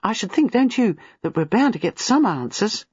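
A reader putting on a young woman who is eager and excitable, her voice leaping high. The husky tone sits in a dry, dull recording. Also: moderate pace, no echo. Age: young adult. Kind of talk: audiobook character voice.

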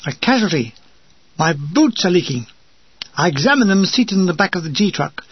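A man's voice: high voice, big pitch swings, normal speed, husky, no room sound, muffled recording. Older man reading with wry dryness. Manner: dry, wry comic delivery. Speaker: narrator. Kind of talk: reading a war memoir aloud.

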